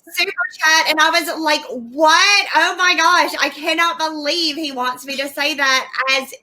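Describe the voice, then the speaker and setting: Woman, young adult, interview guest, bright tone, chatty, acts out quotes. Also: high-pitched, a little slow, rough recording. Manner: chatty, acts out quotes of herself and laughs often. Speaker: guest YouTuber. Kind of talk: casual interview chat.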